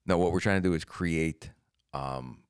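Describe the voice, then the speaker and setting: A man's voice: low voice, moderate pace, smooth. A man co-hosting a comedy podcast, rambling through absurd schemes in casual chat. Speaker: podcast co-host.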